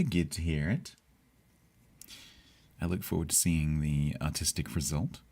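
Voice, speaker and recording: A man's voice: extremely low pitch, a little slow, gravelly, long pauses, a little mellow. A man with a Southeast English accent, chatting casually with his viewers as a game streamer, rambling with hesitations. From Southeast England.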